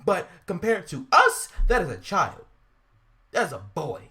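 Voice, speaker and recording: A woman's voice: fairly low pitch, wildly swooping pitch, measured pace, bright, forceful tone. A woman co-hosting a podcast, ranting with profanity, repeating herself and growing indignant. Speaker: podcast co-host. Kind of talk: heated casual podcast rant.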